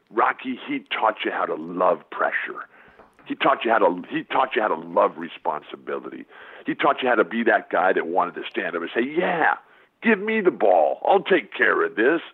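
Older man, husky voice on a phone line. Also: fairly low pitch. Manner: exuberant, emphatic, repetitive restarts. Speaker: guest, former basketball player. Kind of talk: animated storytelling interview. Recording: phone-like narrow band.

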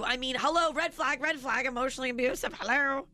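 A woman's voice: sits high, fast, hardly any pauses, pushed and bright, slight background noise. A woman co-hosting a radio morning show in casual on-air banter, teasing and laughing often, speaking into a studio mic. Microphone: studio mic with headphones.

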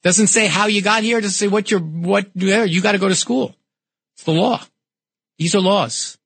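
A middle-aged man with a New York accent hosting a talk radio call-in show, arguing his points forcefully. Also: high voice, moderate pace, breathy edge, no room sound. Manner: forceful, argumentative explaining.

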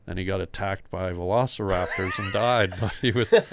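A man's voice: low-pitched, moderate pace, gravelly, a little hiss or hum. A man in his sixties telling a long story in casual chat, acting out the lines of the people in it. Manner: animated storyteller, acts out quoted dialogue.

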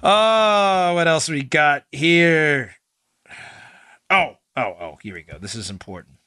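A man's voice: fairly high pitch, expressive, takes it slowly, pushed and bright, smooth, no room sound, clean studio sound. Emphatic middle-aged male political podcast host. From New York. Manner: emphatic, fires rhetorical questions, talks to "folks".

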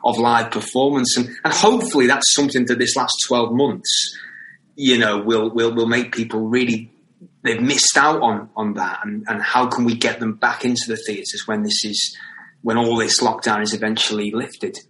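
A man's voice: mid-range voice, steady tone, moderate pace, fairly bright tone, roomy sound, poor audio. A man with a Scouse accent, a theatre company guest talking casually in an interview and often restarting and repeating words as he thinks. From England.

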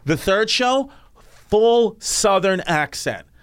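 A man hosting a podcast, telling stories in casual, animated chat with some swearing. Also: high voice, takes it slowly, clean tone, no echo. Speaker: podcast host.

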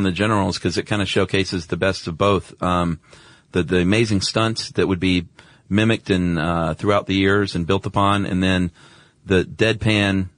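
Male podcast co-host, deep voice, relaxed chatty delivery, dry studio sound. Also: no echo. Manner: relaxed, conversational, many fillers. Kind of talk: casual chat.

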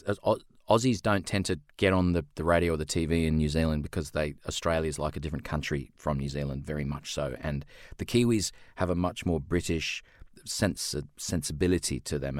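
A man's voice: low voice, dry recording, clean studio sound. A man who works as an audiobook narrator and voice actor, answering interview questions in a chatty, self-deprecating way. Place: lives in Australia.

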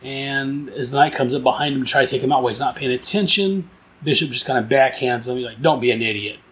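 A man's voice: mid-range voice, fast talker, a bit bright. Casual male comic reviewer, mid-range voice, rambling and enthusiastic, lots of restarts.

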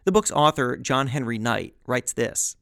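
A man hosting a scripted podcast, narrating with a lively, wry, chatty delivery. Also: mid-range voice, measured pace, vocal fry, dry recording, studio quality. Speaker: podcast host.

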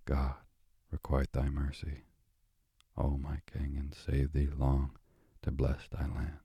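A man's voice: a bass voice, monotone, a little slow, gravelly, mellow, breathy edge, no echo, exaggerated voice. A man voicing a frightened young pauper boy who pleads in humble, archaic speech. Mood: grateful.

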